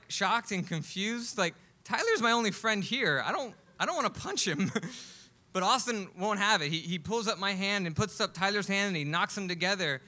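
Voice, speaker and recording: A man telling a comic personal story live on stage, animated and acting out other people's lines. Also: sits high. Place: live stage at a music club.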